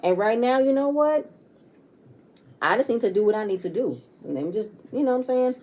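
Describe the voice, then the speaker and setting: A woman's voice: medium pitch, lively intonation, fast talker, darkish tone. A woman casually recapping a reality TV episode, chatty and blunt, often tossing in "you know what I'm saying" and swearing freely.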